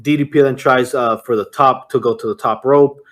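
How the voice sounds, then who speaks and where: A man's voice: medium pitch, fairly even intonation, moderate pace, a bit bright. A young man chatting casually on a podcast, giving a rambling play-by-play recap full of fillers and swearing. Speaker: podcast co-host. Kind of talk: casual chat recapping a wrestling match.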